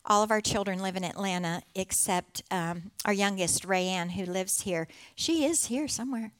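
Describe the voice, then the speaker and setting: A middle-aged woman giving an earnest, heartfelt personal testimony to a church congregation, with soft laughter along the way. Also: medium pitch, normal speed, smooth. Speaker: church speaker sharing testimony.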